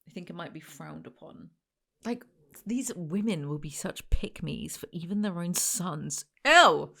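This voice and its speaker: A woman's voice: fairly low pitch, creaky, a little mellow. Sarcastic woman ranting to camera. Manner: sarcastic, ranting, quick asides. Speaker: reaction video host. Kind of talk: casual chat to camera.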